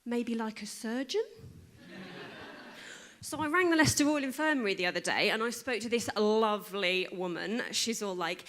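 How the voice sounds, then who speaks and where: A woman doing a chatty stand-up set, swearing casually and dropping into quieter asides. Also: fairly high pitch, lively intonation, normal speed. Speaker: stand-up comedian.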